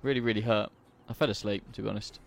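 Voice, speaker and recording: A young man chats casually while playing a farming game, laughing and joking through stories of his own accidents. He talks fast in a steady, creaky, lowish voice, and there's a little hiss or hum.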